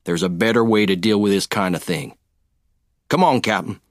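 A man voicing an easygoing cowboy adventurer, calm and firm. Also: on the low side, normal speed, no room sound, studio quality, voice pushed down, close to an everyday voice. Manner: laid-back drawl, calm and firm.

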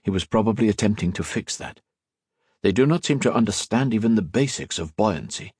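A man voicing a calm, wry male submarine officer in an audiobook, low and measured. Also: husky, dry recording, studio quality. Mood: matter-of-fact.

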